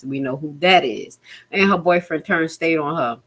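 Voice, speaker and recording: A woman's voice: low-pitched, a little slow, fairly bright tone. A woman giving indignant, profane commentary and reading news aloud with her own asides. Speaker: political commentary vlogger. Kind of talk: casual ranting commentary.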